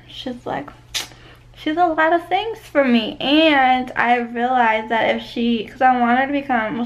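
A woman's voice: on the high side, poor audio. A young woman vlogging casually to camera from a vacation condo, rambling with lots of fillers and restarts.

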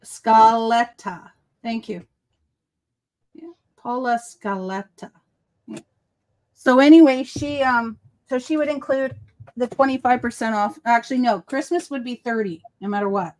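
Rambling Boston woman, fairly high voice. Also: unhurried, pauses often, a little mellow. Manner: rambling, self-correcting storyteller. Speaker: host. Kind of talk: casual chat on a crafting livestream.

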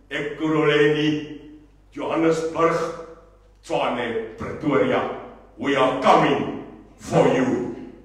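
A man with a South African accent giving a rousing political speech, emphatic, swinging from low asides to shouting. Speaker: political party leader. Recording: echoey hall, mic far off.

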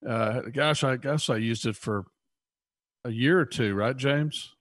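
A man from Texas co-hosting a podcast, relaxed and explaining things at length. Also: mid-range voice, a little slow, no room sound. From Austin, Texas. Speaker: podcast co-host. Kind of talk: casual podcast chat.

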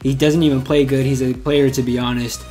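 A man's voice: mid-range voice, flat delivery, brisk, a little mellow, faint music behind. A young man recording casual gaming commentary, rambling and frustrated, putting himself down. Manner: frustrated, rambling, self-deprecating. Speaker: gaming YouTuber.

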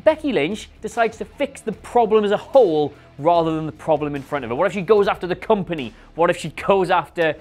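A man hosting a scripted wrestling rumour show, talking in a sarcastic, animated, rhetorical way. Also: high voice, fast talker, few pauses, soft background music. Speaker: host.

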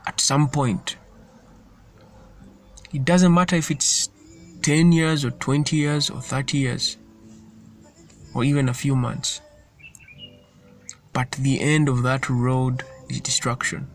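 A man's voice: mid-range voice, steady tone, slow pace, long pauses, soft background music. A man giving an informal sermon in an earnest, repetitive way, often stumbling and restarting his sentences. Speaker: preacher.

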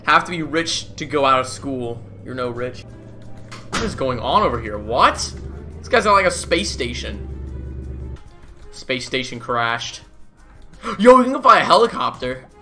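A man's voice: medium pitch, bright, forceful tone. A young man giving casual, goofy commentary as he plays a game, laughing often and swearing casually. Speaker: gaming YouTuber.

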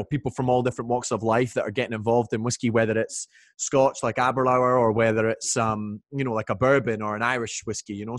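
A man with a Scottish accent chats easily as a guest on a video call. He sounds relaxed and jokey and often pauses on "um" and restarts his sentences. The sound is dry and close, with no room echo. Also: mid-range voice. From Scotland. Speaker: whisky brand ambassador guest. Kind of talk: casual interview over video chat. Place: home, indoors.

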